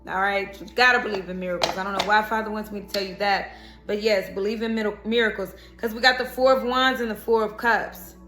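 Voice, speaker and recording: A woman's voice: mid-range voice, steady tone, brisk, fairly bright tone. A woman giving a casual tarot horoscope reading, talking straight to the viewer with emphatic repeats and coaxing "okay?" asides. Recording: echoey room with faint background music.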